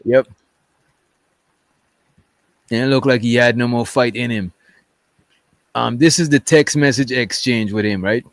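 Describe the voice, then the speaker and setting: A man's voice: mid-range voice, measured pace, long pauses, no room sound. A man doing casual livestream commentary, reading text messages aloud in a rambling way and often checking in with "right?". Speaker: commentary streamer.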